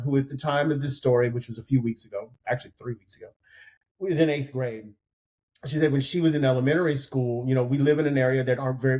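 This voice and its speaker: Earnest man retelling a story. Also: medium pitch. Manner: earnest, animated retelling with quoted voices. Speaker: podcast co-host. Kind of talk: conversational storytelling.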